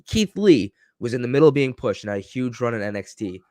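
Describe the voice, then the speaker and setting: A man's voice: medium pitch, very animated, fast talker, darkish tone, no echo, studio quality. A man co-hosting a casual wrestling podcast, rambling with lots of fillers and restarts. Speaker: podcast co-host.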